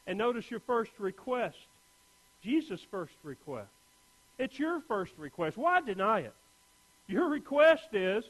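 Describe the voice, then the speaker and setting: A male pastor preaching a sermon in an earnest way, moving between hushed and urgent, often repeating words as he restarts phrases. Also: high voice, animated, measured pace, poor audio.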